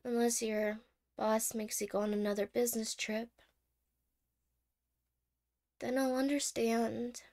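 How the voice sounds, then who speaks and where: A woman voicing a clingy, anxious young girlfriend in a whispered role-play, soft-spoken, stammering and apologetic. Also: a little high, level tone, normal speed, natural voice. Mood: tender, wistful. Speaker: ASMR role-play creator.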